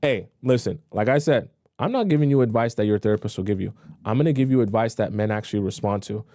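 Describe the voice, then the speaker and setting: A man's voice: lowish voice, fast talker, mellow, no echo, clean studio sound. A young man hosting a live-stream dating advice show, reading viewer questions and answering them bluntly in a casual, repetitive way. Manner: blunt, repetitive, conversational, acts out pleading voices mockingly.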